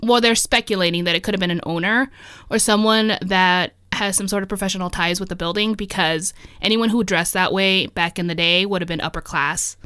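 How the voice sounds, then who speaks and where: A woman hosts a casual ghost-story podcast, relaxed and quick to laugh. Her voice sits close to the mic in a dry, dead room with no reverb at all. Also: mid-range voice, clean tone. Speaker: podcast host. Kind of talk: casual chat telling ghost stories.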